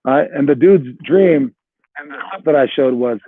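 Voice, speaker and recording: A man's voice: a little high, normal speed, dry recording. A man coaching basketball players, giving a rambling motivational talk full of "all right" and "like" before walking them through a drill. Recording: dry, tinny phone-like sound.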